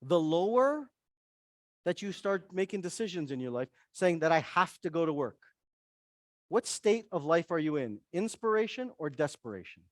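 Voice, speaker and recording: A man giving a lively seminar talk to a room of listeners, putting questions to the audience and acting out inner voices. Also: a little high, moderate pace, no room sound, clean studio sound. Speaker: wellness speaker. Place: event room with a live audience.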